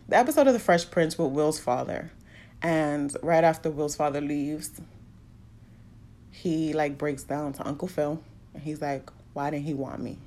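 A woman's voice: low-pitched, warm tone. A woman openly telling a personal story, emotional and fighting back tears. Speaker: podcast host sharing a personal story.

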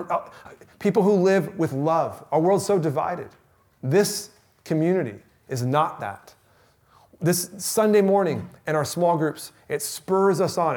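A male pastor in his thirties with a slightly higher-pitched voice delivers a sermon in a chatty, personal way. He tells stories with lively energy and softens to a near-whisper to press a point home. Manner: conversational preaching, drops to near-whispers for emphasis; animated storytelling, shouting in re-enactment.

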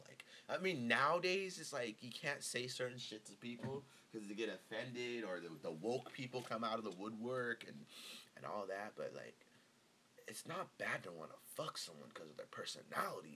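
A man's voice: mid-range voice, bright, forceful tone, slightly rough. A man hosting his own show, chatting casually in a rambling, profane, joking way while drinking beer. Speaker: podcast host. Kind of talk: casual solo chat.

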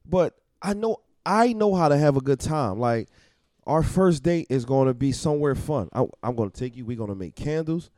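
A man talking as a podcast guest in casual chat, blunt, profane and animated as he tells stories. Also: a little high, normal speed, no echo, clean studio sound.

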